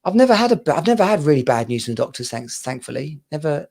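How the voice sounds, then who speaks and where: A man's voice: a little high, sing-song, quick pace, vocal fry, darkish tone, breathy edge. A man co-hosting a podcast, telling anecdotes in casual banter and laughing through them. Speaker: podcast co-host.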